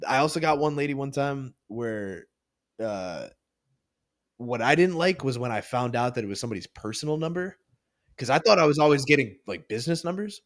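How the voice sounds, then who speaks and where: A man's voice: mid-range voice, expressive, a little fast. A young man co-hosting a casual podcast, chatting in a laid-back way with lots of fillers. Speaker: podcast co-host. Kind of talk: casual chat.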